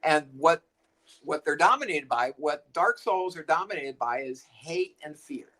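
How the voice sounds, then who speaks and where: An older man in casual spiritual chat who talks haltingly, repeating phrases and filling pauses. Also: a little high, lively intonation, bright, forceful tone, low-quality recording. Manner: halting, repeats himself, fillers. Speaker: co-host.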